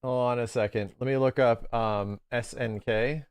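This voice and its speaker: A man chatting casually to his live-stream audience, excitable and quick to laugh. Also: mid-range voice, clear, resonant tone. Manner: excitable, talks to his chat, laughs easily.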